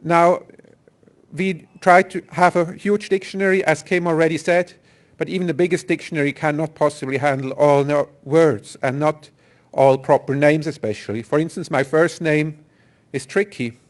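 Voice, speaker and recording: A man's voice: fairly high pitch, fairly even intonation, moderate pace. A man giving a technical conference talk, explaining step by step with some fillers and restarts. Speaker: software engineer presenter.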